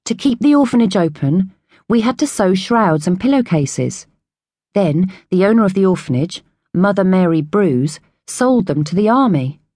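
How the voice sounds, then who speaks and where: A woman reading an audiobook, voicing a gentle young orphan boy who talks in an earnest, confiding way. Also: medium pitch, expressive, moderate pace, dry recording, clean studio sound, natural voice.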